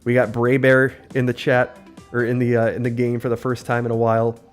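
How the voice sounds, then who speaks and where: A man giving upbeat, excitable live play-by-play commentary on his own gaming stream, his voice a little worn. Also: mid-range voice, a little fast. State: voice slightly worn. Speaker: livestreamer. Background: faint game music.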